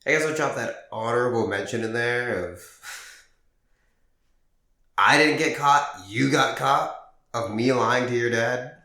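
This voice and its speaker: A man's voice: medium pitch, measured pace. A young man co-hosting a podcast in casual chat, telling stories animatedly and swearing freely. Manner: animated storyteller acting out dialogue, swears freely. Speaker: podcast co-host. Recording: echoey room.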